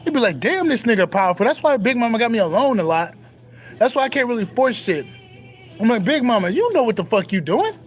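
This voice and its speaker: Young guy with a high voice, cussing, repeating himself, spiritual rant, light music behind. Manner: profane, emphatic, repeats phrases. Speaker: spiritual content creator. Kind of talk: casual spiritual monologue.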